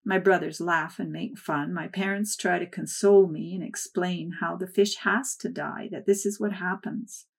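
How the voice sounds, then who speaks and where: Low-voiced woman reading a memoir. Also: fairly even intonation, moderate pace, creaky, few pauses, breathy edge. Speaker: narrator. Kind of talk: first-person memoir read aloud.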